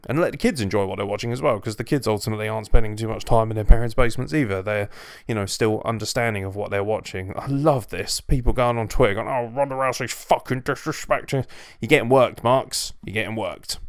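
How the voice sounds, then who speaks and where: A man rants through a casual review in a blunt, sweary, emphatic way. His voice has a gravelly edge but stays smooth and resonant underneath. It is recorded close and dry, with no room sound. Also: lowish voice, no echo. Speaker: wrestling show reviewer.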